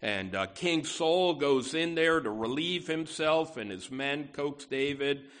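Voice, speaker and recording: A man's voice: a little high, slow pace, a bit bright. A man preaching a conversational sermon in a folksy way, full of asides and stressing key words. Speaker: pastor.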